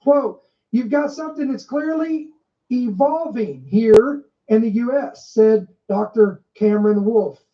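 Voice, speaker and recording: A woman hosting a podcast, reading news headlines aloud and stressing key words, stopping to add her own commentary. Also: fairly high pitch. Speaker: podcast host. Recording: muffled, dull recording.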